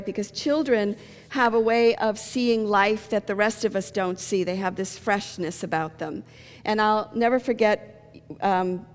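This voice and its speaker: A middle-aged woman pastor giving a sermon, telling stories and jokes. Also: mid-range voice. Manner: storytelling with jokes. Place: church sanctuary. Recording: long church reverb.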